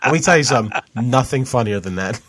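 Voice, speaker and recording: A man's voice: medium pitch, animated, fast talker, fairly bright tone, no echo. A man co-hosting a podcast, telling stories in a laid-back way and swearing often. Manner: laid-back storyteller, swears, says bro and dude. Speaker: podcast co-host. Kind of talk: casual chat.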